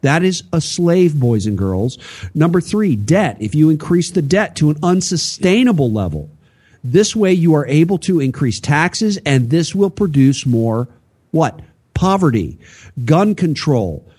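A man's voice: a little high, sing-song, unhurried, darkish tone, breathy edge. A man co-hosting a political talk show, lecturing in a preachy way with rhetorical questions. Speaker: podcast co-host.

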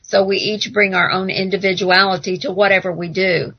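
American woman, raspy gravelly voice, casual and affirming, over a dull call line. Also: mid-range voice, little pitch movement, fairly quick. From United States. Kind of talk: casual podcast chat.

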